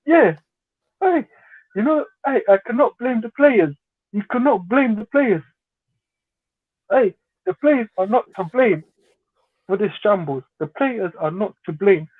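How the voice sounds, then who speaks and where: A man calls into a fan livestream sounding exasperated and blunt, firing off pointed questions. His voice sits high, and it comes through dry, with no room around it, and thin like a phone line. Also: expressive, unhurried, long pauses, no room sound. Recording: tinny dry call audio.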